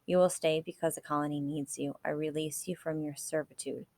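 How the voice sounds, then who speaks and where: A weakened captain speaks slowly and gravely in a low voice, a man near the end of his strength, as a woman reads his lines. The sound is close and dry, with no room around it. It belongs in a storybook reading. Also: fairly even intonation, a little mellow, no room sound. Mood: solemn. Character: wounded male captain, weak and solemn.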